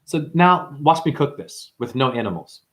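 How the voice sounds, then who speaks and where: A man hosting a livestream and ranting preachily at his viewers, swinging between hushed asides and loud outbursts. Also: medium pitch, big pitch swings, normal speed. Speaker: livestream host and numerology teacher.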